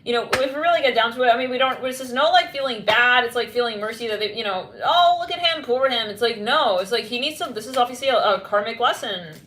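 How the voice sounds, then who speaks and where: A woman's voice: a little high, quick pace, hardly any pauses, a bit bright, roomy sound, a little hiss or hum. Rambling casual woman reading cards. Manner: rambling, filler-heavy, blunt, slangy. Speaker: tarot reader.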